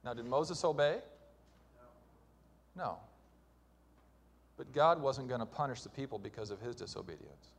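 A male pastor preaching a sermon, with loud emphatic stretches and quieter hushed lines. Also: medium pitch, animated, unhurried, gravelly, long pauses, husky.

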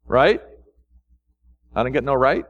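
A man's voice: animated, takes it slowly, dull audio. A pastor preaching a sermon with fervor, firing off rhetorical questions and lifting his voice when he urges his listeners on. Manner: fervent preaching with many rhetorical questions, pitch swinging up when exhorting.

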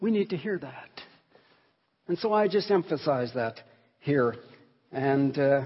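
Emphatic preacher in a reverberant hall. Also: male voice, fairly high pitch, lively intonation, a little slow, breathy edge. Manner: earnest, emphatic, swells and drops in volume. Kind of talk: sermon teaching on a hymn. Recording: long hall reverb, dull sound.

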